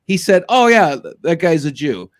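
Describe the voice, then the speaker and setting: A man hosting a casual sports talk podcast, rambling and animated, quick to laugh. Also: a little high. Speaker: podcast host.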